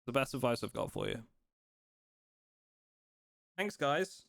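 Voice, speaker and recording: A man streaming a game live, chatting casually in a relaxed, rambling way and teasing his chat. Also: mid-range voice, takes it slowly, dry recording, clean studio sound.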